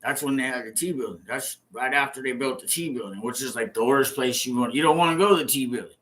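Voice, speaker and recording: A man's voice: medium pitch, fast, sharp tone. A man in his fifties, a former prisoner telling his own story casually, swearing and acting out the scenes with sound effects. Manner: profane, repetitive, acts out the scenes with sound effects.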